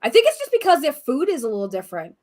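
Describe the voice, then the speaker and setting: A woman's voice: high voice, huge pitch swings, very fast, a little mellow. A young American woman with a Boston accent, chatting casually, swearing freely and laughing easily. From Boston area, US. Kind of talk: casual chat.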